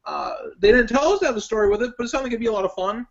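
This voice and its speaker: Young man, high voice, animated storyteller, casual chat, dull lo-fi stream audio. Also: rapid-fire, vocal fry. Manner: animated storyteller, breaks into laughs. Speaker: guest contestant.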